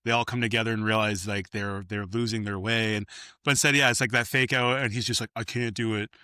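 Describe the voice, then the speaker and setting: A man's voice: on the low side, fast, clear, resonant tone, dry recording, clean studio sound. A man co-hosting a casual movie review podcast, retelling scenes and acting out the characters' lines. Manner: animated retelling, acts out quotes in voices. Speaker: podcast co-host.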